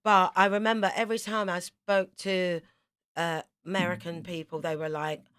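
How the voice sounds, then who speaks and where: A woman in her fifties from South London with a London accent, a singer chatting as a radio interview guest and telling lively stories with quick asides. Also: lowish voice, clean tone. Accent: London English. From South London, England.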